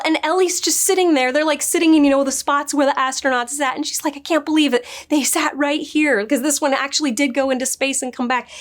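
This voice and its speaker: A woman in her thirties casually reviewing a TV episode, chatty and gushing, acting out the characters' lines in her own voice. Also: high-pitched. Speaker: show reviewer.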